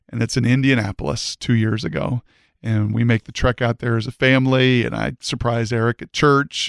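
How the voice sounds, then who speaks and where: A man with a gravelly, creaky edge tells a heartfelt story as a podcast guest, earnest and fervent, circling back and restarting his sentences as he goes. His voice sits at an ordinary pitch and sounds dry and close to the mic, with no room around it. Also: dry recording. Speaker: podcast guest, former football player. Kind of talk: emotional personal storytelling.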